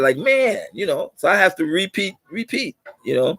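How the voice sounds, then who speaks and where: A man's voice: high voice, animated, normal speed, pushed and bright, no room sound. A middle-aged man hosting his own channel, talking to viewers in a rambling, preachy monologue that repeats its points and livens up to drive them home. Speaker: channel host.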